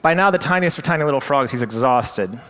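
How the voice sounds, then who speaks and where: Animated male storyteller on stage. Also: mid-range voice, fast talker, long reverb tail. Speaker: presenter. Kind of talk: storytelling in a presentation.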